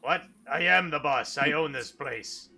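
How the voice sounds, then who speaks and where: A man's voice: a little high, unhurried, creaky, bright, forceful tone, slight background noise, exaggerated voice. A man playing Clark, a smug orc boss. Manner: smug, blunt, mercenary. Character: gruff, greedy male orc diner owner. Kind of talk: improvised tabletop role-play.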